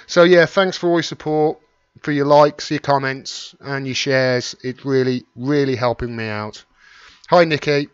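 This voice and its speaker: The YouTube live stream host, a middle-aged West Midlands man with a Wolverhampton (Black Country) accent, chats and rambles while reading out and thanking viewers by name. His mid-range voice is clear and resonant, measured in pace with fairly even intonation. The dry recording has its highs cut off.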